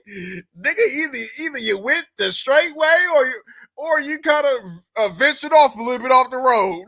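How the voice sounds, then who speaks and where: A man hosting a reaction video, mocking and profane, with loud exclamations. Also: very high voice, very animated, normal speed. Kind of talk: reaction commentary.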